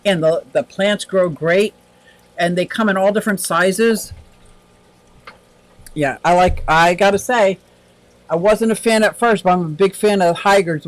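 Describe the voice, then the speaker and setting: A man with a fairly high voice talks in a loose, rambling, upbeat way while hosting a livestream and answering the chat. His voice is recorded close and dry, with no room sound. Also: no room sound, rough recording. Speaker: livestream host. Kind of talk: casual livestream chat reading comments.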